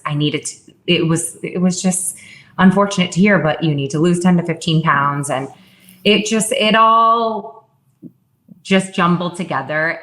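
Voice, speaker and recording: Low-voiced reflective woman guest. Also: fairly bright tone. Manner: open, reflective, quotes herself in raised voice. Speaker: guest, fitness founder. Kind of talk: candid interview conversation.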